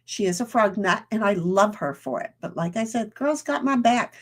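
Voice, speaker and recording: A woman's voice: mid-range voice, expressive, moderate pace. A woman streamer in casual rambling chat, reading viewer comments aloud and talking while eating.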